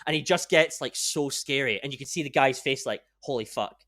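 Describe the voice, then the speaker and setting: A young man hosting a podcast in casual chat, rambling and excitable and swearing freely. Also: medium pitch, a little fast. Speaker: podcast host.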